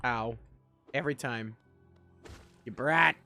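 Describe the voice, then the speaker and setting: A man's voice: mid-range voice, slow, gravelly, sharp tone, soft background music. A young man streaming a game live, joking about himself and chatting with his viewers. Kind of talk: live gameplay chat.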